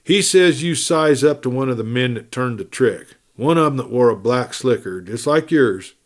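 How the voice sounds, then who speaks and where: A man's voice: mid-range voice, expressive, moderate pace, natural voice. A man reading aloud, voicing a stern, commanding frontier deputy with a curt manner.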